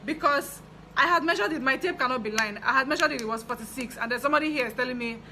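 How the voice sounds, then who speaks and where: A young Nigerian woman telling a story from her fashion business in a chatty, animated way. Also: sits high, fast talker, slight background noise, low-quality recording. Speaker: fashion designer vlogger. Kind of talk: casual storytelling.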